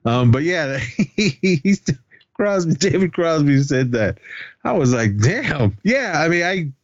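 A man's voice: on the high side, expressive, a little slow, no echo, dull audio. A man co-hosting a podcast, casually retelling a movie's plot in a rambling, profane way and laughing as he goes. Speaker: podcast co-host. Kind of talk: casual movie recap chat.

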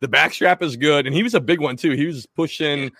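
A man's voice: on the high side, fairly quick, a bit bright, dry recording. A man hosting a casual fishing podcast, a rambling storyteller who laughs and restarts his sentences. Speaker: podcast host.

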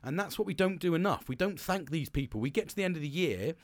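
A man's voice: a little high, expressive, fast talker, no echo. Sweary, rambling man. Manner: rambling, swears freely, frequent laughs. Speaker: podcast host. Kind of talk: casual motivational monologue.

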